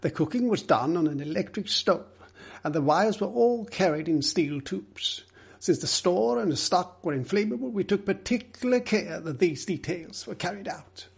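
A man voicing a firm, earnest male gentleman explaining matters in a measured way. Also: high-pitched, animated, creaky, breathy edge, voice pushed up, exaggerated voice.

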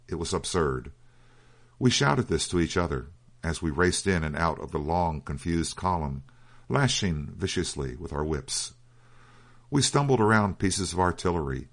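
Deep-voiced male narrator for a measured audiobook read.

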